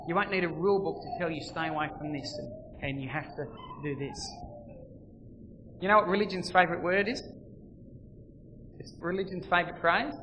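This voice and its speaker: A man preaching a sermon, swinging between loud emphasis and quiet, intimate lines. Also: high-pitched, a little fast, long pauses, lo-fi sound, a little hiss or hum. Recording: long reverb, faint ambience.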